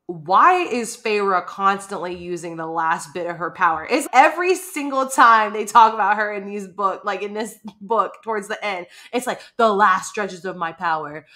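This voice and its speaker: A woman co-hosting a podcast, chatting casually and animatedly about a book and acting out lines from it. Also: fairly low pitch. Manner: chatty, animated, acts out quotes. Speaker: podcast co-host.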